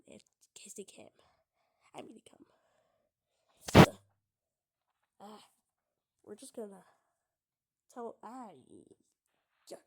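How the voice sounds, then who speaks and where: A young woman giving casual gameplay commentary, giggling and often dropping into half-whispered asides. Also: medium pitch. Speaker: gamer.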